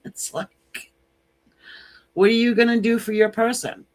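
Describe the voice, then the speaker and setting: A woman tarot reader talking to her live-stream viewers in an unhurried, drawn-out way. She is chatty and frank and breaks into laughter between her points. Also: on the high side, steady tone. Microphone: computer mic on a live stream.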